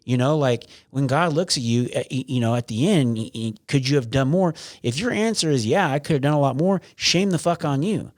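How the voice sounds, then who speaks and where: A man's voice: medium pitch, fairly quick, hardly any pauses, dry recording, clean studio sound. A man talking as a podcast guest, blunt and frank, with lots of restarts and some swearing. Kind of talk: casual interview.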